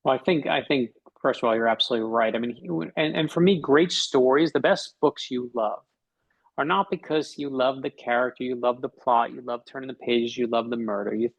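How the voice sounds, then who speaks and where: A man's voice: medium pitch, a little fast, gravelly, poor audio. A middle-aged man, a podcast guest and author, telling a personal story in conversation and acting out the dialogue.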